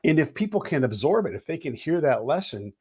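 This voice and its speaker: Husky-voiced man hosting a podcast. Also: fairly high pitch, sing-song, a little fast, a little mellow. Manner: blunt, swears, acts out quoted people. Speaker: podcast host. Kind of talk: casual podcast conversation.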